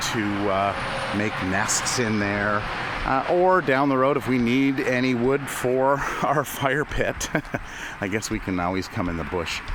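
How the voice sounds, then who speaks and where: A man giving a relaxed walking tour of his farm, chatting, laughing often and greeting animals along the way. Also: lowish voice, noisy background. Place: outdoors on a farm, in woods and fields.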